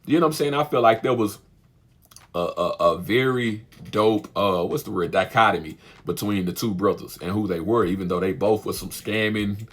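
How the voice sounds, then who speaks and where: A man giving a casual, chatty spoken review of a film, animated and often laughing, with frequent asides to his listeners. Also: fairly low pitch, normal speed. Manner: chatty and animated, laughs often, keeps asking "you know what I'm saying". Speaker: movie reviewer, channel host.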